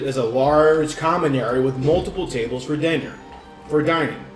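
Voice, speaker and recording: A man as dungeon master, narrating scenes in a halting, descriptive way. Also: fairly high pitch, lively intonation, darkish tone. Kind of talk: narrating a tabletop game. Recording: echoey room, distant mic, faint music.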